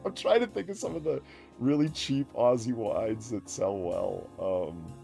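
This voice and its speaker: A man's voice: fairly low pitch, unhurried, creaky, warm tone, faint music behind. A man hosting a casual chat show, chatting and reading out viewer messages. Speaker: podcast host reading donations.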